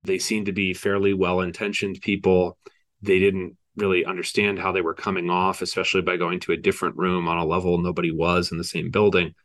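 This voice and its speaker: A man co-hosting a podcast, explaining political history in a steady, detailed way with frequent asides. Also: deep voice, a little fast.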